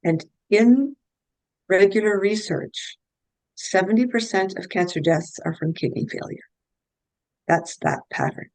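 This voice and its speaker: A woman's voice: mid-range voice, a little slow, pauses often, darkish tone, no echo, poor audio. A middle-aged woman, a guest health practitioner, telling case stories in an earnest, anecdotal way and restarting her sentences often. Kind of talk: conversational interview storytelling.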